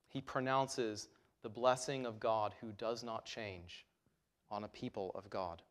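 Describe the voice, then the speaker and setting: Male pastor, mid-pitched voice, emphatic sermon delivery. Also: unhurried, clear, resonant tone. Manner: earnest, emphatic, voice rising and falling for stress. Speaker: preacher.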